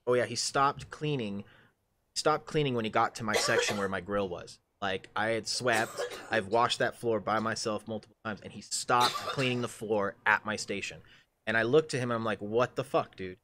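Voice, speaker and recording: A young male game streamer with a somewhat low voice talks casually while he plays. He tells stories in loose, rambling runs and keeps restarting sentences. He swears freely, and faint noise sits under his voice. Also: moderate pace. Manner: rambling, profane storytelling with many restarts. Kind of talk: casual chat while gaming live.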